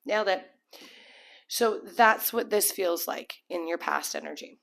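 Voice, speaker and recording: A woman with a slightly low voice doing a tarot reading in a loose, chatty way. She rambles, restarts her sentences and slips into little acted-out inner voices to make her point. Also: measured pace, creaky, a bit bright. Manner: acts out imagined people's thoughts. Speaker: tarot reader. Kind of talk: casual tarot reading to camera.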